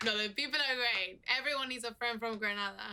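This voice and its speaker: Teasing Spanish date. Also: female voice, on the high side, fast talker, pushed and bright, a little hiss or hum. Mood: chatty. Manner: teasing, playful. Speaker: dating match. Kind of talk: game voice acting. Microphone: video call.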